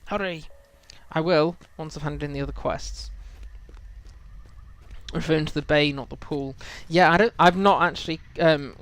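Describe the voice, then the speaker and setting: A man's voice: on the high side, steady tone, moderate pace, pauses often, a bit bright, clear, resonant tone, dry recording. A man streaming a game, chatting casually and rambling about lore with lots of fillers. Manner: musing, rambling lore talk with many fillers. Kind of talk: casual live-stream chat.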